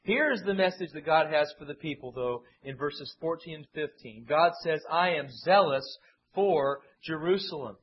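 A man's voice: a little high, lively intonation, unhurried, slightly rough. A man preaching an expository Bible sermon who acts out the voices he quotes with dramatic swings. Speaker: pastor. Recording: muffled lo-fi sermon recording.

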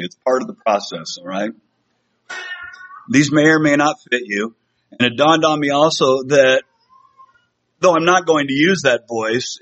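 A man's voice: mid-range voice, fairly bright tone. A middle-aged man preaching a sermon to a congregation in a conversational, self-deprecating way, with fillers and restarts. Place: church sanctuary. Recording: slightly dull lo-fi sound.

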